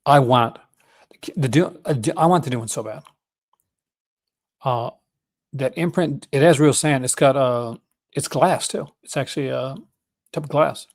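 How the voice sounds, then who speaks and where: A man's voice: mid-range voice, a little slow, long pauses. A man hosting a casual livestream, rambling enthusiastically and often correcting himself mid-sentence. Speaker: host.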